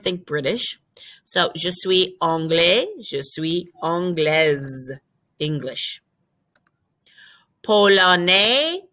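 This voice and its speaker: A woman teaching a recorded French lesson, drawing out model words slowly and explaining quickly in between. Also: fairly low pitch, sharp tone. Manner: slow, drawn-out French model words, quick asides in English.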